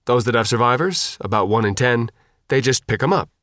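A man's voice: mid-range voice, lively intonation, a little fast, fairly bright tone, no echo, clean studio sound, natural voice. A man reading the part of a young woman boat captain, firm and commanding. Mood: bossy.

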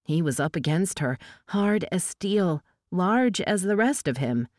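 A woman with a fairly low voice narrates an audiobook in a measured, steady way. The sound is close and dry, with no room around it. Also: no room sound.

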